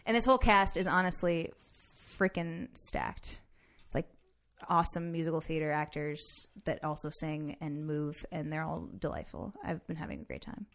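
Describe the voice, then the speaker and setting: A young woman, a musical theater actor, chatting casually with many likes and quick laughs. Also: low voice, fairly even intonation, creaky. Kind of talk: casual chat.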